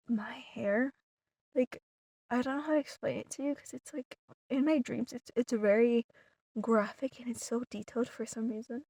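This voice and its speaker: A woman with a fairly high voice tells a story straight to her viewers, rambling and circling back with constant "like" fillers. She drops some words to a hushed whisper. The sound is dry and close. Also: normal speed, dry recording. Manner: rambling, full of "like" fillers and restarts; animated retelling, some words dropped to a whisper. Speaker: vlogger. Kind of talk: casual storytelling to camera.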